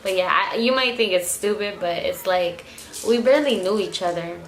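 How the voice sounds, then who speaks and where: A woman's voice: medium pitch, moderate pace. Young woman telling a story, echoey room. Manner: swears freely, animated retelling with acted quotes. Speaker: vlogger. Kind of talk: casual storytime. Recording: echoey room, faint background noise.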